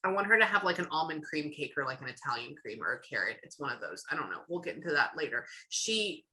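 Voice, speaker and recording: Chatty bright-voiced woman giving a reading. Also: deep voice, very animated, quick pace. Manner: chatty, acts out what she hears. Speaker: psychic medium. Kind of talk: psychic reading session. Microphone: camera or video call.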